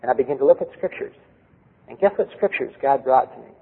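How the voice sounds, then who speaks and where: A man's voice: medium pitch, expressive, fast, creaky, breathy edge. A middle-aged man preaching a sermon, earnest, asking the audience rhetorical questions. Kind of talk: sermon with personal story. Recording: tinny lo-fi recording with long hall reverb.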